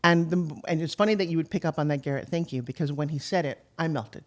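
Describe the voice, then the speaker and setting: An older woman speaking as a podcast guest in a heartfelt, emotional conversation, at times close to tears. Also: sits low. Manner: fast, heartfelt, tearful at times. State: tearful.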